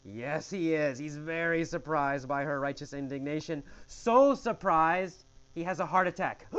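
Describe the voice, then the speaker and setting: A man's voice: fairly high pitch, normal speed, hardly any pauses, fairly bright tone, clean tone, muffled recording. A man teaching English with a question-and-answer story, speaking in an emphatic, exaggerated way.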